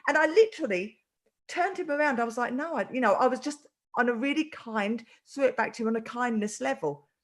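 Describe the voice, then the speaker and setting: A woman's voice: on the high side, fairly quick. A woman hosting a casual chat, telling a story animatedly and acting out the voices in it. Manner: animated storyteller, acts out quotes. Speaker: host.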